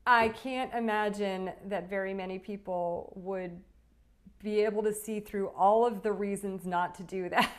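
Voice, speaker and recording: A woman hosts a conversation with two guests, responding with lots of praise before leading into her next question. Her voice sits at a middling pitch and her manner is encouraging. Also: fairly even intonation, a little slow. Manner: enthusiastic, encouraging. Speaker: interview host. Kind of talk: interviewing.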